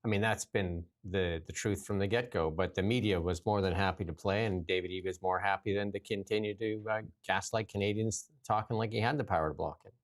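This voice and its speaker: A man co-hosting casual political commentary, blunt and dismissive, with halting fillers. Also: sits low, steady tone.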